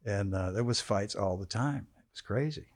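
Older guy, low voice, easygoing rambling stories in a studio. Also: normal speed, dry recording. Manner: laid-back, wry, trails off in long anecdotes. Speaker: guest, former football quarterback. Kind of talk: casual storytelling.

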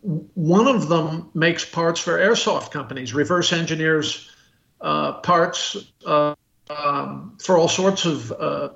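An American guest expert on a podcast, a man who speaks bluntly and stumbles through restarts and fillers. His voice sits a little high for a man. The sound is roomy and muffled, like a remote call. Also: gravelly, a bit bright. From United States. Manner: halting, full of restarts and fillers. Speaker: guest expert on military rifles. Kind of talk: podcast interview.

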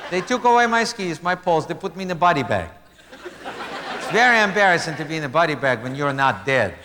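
A middle-aged man from Russia, telling a self-mocking stand-up story with loud gasping laugh bits. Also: fairly high pitch, very animated, quick pace. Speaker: stand-up comedian. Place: live comedy venue. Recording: reverberant live hall with crowd noise. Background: audience laughter and room ambience.

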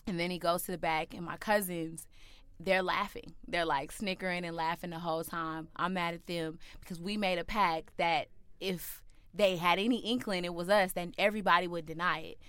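A woman with a smooth, resonant voice sitting a little low in pitch tells a personal story. She is animated and acts out the voices of the people she quotes. The recording is dry and close. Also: normal speed, dry recording.

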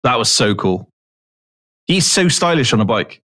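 Laid-back, mid-pitched male co-host. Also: big pitch swings, moderate pace, bright, forceful tone. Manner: laid-back, dry ribbing. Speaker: podcast co-host. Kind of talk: casual chat.

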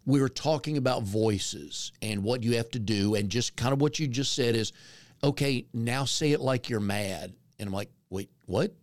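A man's voice: mid-range voice, normal speed, no echo. A man from North Carolina hosting a casual interview, chatty and self-deprecating as he tells stories. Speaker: podcast host.

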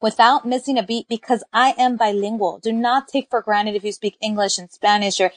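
A woman's voice: fairly high pitch, steady tone, brisk, dry recording. A woman co-hosting a casual podcast chat, talking with enthusiasm and dropping in Spanish phrases. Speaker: podcast co-host.

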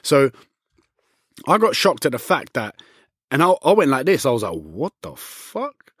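A man's voice: fairly high pitch, expressive, moderate pace, a bit bright, breathy edge, no room sound, clean studio sound. A man in casual chat, telling a story bluntly, swearing freely and acting out the exchanges he quotes.

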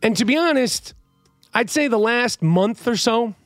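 Loud, animated New man ranting. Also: extremely high pitch, a little slow, soft background music. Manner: animated, loud, profane, swings between shouting and muttering. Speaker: comedian ranting to camera. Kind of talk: profane comic rant.

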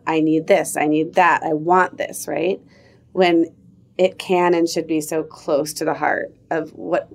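A woman's voice: low-pitched, a little mellow. A woman co-hosting a podcast who speaks in a reflective, thoughtful way. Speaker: podcast co-host. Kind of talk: casual chat.

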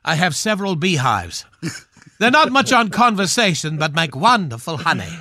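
A man with a slightly high, very animated, bright voice and a forceful tone plays a pompous, aging, knighted film swashbuckler guesting on a radio comedy bit. His exaggerated delivery is grand, theatrical, and drawn out, recorded dry with studio quality.

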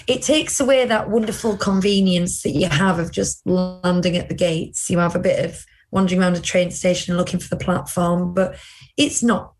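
A woman's voice: on the low side, steady tone, normal speed. A British woman co-hosting a podcast in casual chat, running through news with chatty asides. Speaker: podcast co-host.

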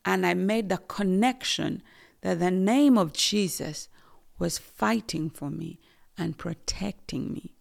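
A woman from Uganda giving an earnest personal testimony as a guest, emphatic and dropping to soft near-whispers at intense moments. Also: fairly low pitch, slow, vocal fry.

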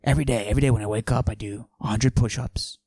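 A man playing a boastful macho character, pushing his voice low and husky and often dropping to a whisper while he brags deadpan. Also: quick pace, no room sound. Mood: swaggering. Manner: boastful, deadpan absurd bragging. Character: cocky macho man with a forced deep voice. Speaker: podcast host. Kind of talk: comic character monologue.

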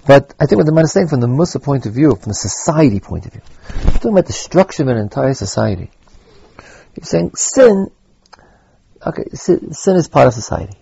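A man teaching a Torah lesson, halting and repeating words as he thinks aloud, with Hebrew terms mixed in. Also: mid-range voice, gravelly, dark tone, breathy edge, dry recording, dull audio. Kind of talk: spoken Torah lecture.

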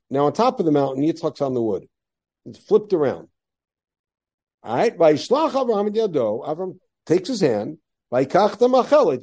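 A man with a dark-toned voice on the high side teaches a class on a biblical text. He reads Hebrew verses aloud and unpacks them with rhetorical questions, Torah-lesson style.

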